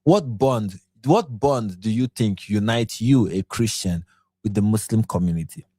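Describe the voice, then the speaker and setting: A man's voice: lowish voice, animated, measured pace, mellow, breathy edge, dry recording, clean studio sound. A man from Nigeria hosting a late-night commentary livestream, tired and yawning, pressing his points with repeated rhetorical questions. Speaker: livestream host.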